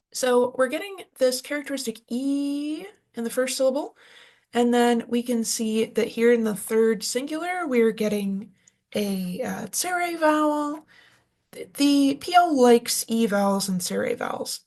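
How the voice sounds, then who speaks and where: A woman with a fairly high voice gives a recorded lecture. She explains each point patiently and reads out lists of word forms one at a time, as she works through a textbook chart. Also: darkish tone. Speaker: language teacher.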